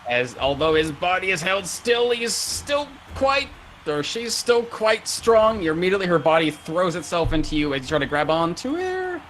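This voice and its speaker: A man's voice: high voice, big pitch swings, moderate pace, a bit bright. Give me a male game master who narrates vividly, with a faint noise floor. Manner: vivid, descriptive narration with sound effects.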